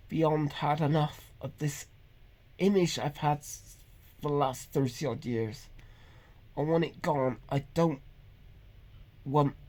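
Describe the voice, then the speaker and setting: Halting man in his fifties. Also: fairly high pitch, a little mellow. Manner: halting, hesitant, many pauses and restarts; earnest and emotionally raw. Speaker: vlogger. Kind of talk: personal confessional monologue.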